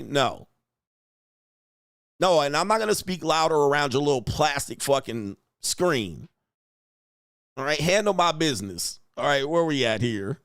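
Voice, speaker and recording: A middle-aged man hosting a livestream, ranting in a profane, animated way with slang and frequent laughs. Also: a little high, unhurried, no echo, clean studio sound. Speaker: livestream host answering superchats. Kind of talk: casual livestream rant.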